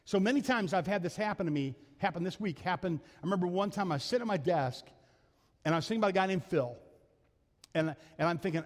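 Male pastor, sermon storytelling, fairly high voice, conversational and self-mocking, long church reverb. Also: animated, fast talker. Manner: conversational, self-deprecating, laughs often. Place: church sanctuary.

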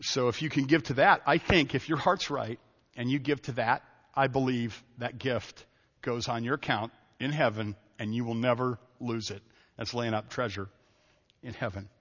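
Folksy middle-aged pastor preaching in a hall. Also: male voice, mid-range voice, fairly even intonation, normal speed, fairly bright tone. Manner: folksy, storytelling with self-interruptions and laughs. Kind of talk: sermon. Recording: dull audio with long hall reverb.

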